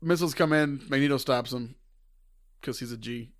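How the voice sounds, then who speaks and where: A man co-hosting a casual movie discussion, relaxed as he recaps scenes with playful impressions. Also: medium pitch, normal speed. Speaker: co-host.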